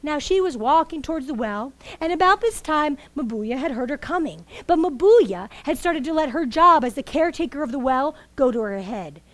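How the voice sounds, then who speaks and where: Brief: woman storyteller, high voice, animated and coaxing, live children's folktale. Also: normal speed, few pauses, dry recording. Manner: animated, coaxing, asks the audience questions.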